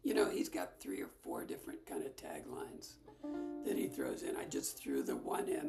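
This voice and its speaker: Soft-spoken woman teaching ukulele. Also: extremely low pitch, wildly swooping pitch, moderate pace, gravelly, soft background music. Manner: soft-spoken, half-whispered asides. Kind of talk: casual music lesson with singing.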